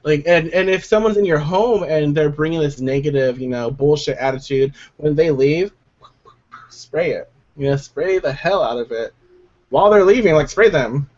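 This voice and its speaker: A fairly high-voiced man chatting casually, animated, jokey and quick to swear. The sound is dull and lo-fi, like a home recording. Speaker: podcast co-host. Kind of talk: casual chat.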